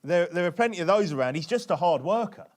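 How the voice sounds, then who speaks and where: Chatty British preacher, slightly high voice. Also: male voice, expressive, fast talker. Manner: chatty, keeps asking tag questions of the congregation. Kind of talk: conversational sermon.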